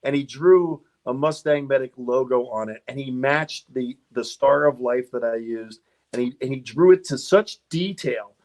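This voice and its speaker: A middle-aged man, a guest on a car podcast, telling rambling stories in a casual interview, laughing often and restarting his sentences. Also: medium pitch.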